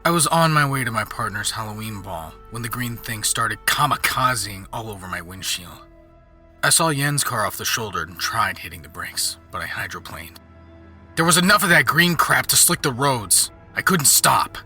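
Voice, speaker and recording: An actor playing a vain, rich middle-aged businessman with a strong leading-man voice, haughty and quick to curse. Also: mid-range voice, lively intonation, pushed and bright, faint music behind.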